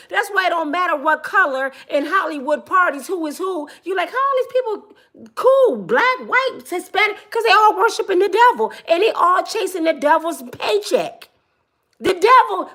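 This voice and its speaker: Animated high-voiced woman, impassioned rant. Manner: emphatic, preachy, repeats words for stress. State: tearful. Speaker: commentary vlogger. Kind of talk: impassioned commentary monologue.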